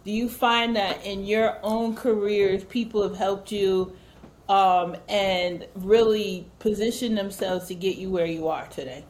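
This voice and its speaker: A woman's voice: mid-range voice, steady tone, measured pace, poor audio. A woman hosting a podcast, asking her guests probing questions in a casual interview. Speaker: podcast host.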